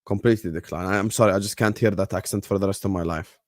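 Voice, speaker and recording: A young man hosting a football watchalong stream, chatting casually in a rambling, joking way with slang and swearing, sometimes mumbling low in mock sadness and sometimes shouting at the match. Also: steady tone, quick pace, no room sound. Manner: drops to low mock-sad mumbles, then loud bursts at match action. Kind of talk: casual live-stream chat.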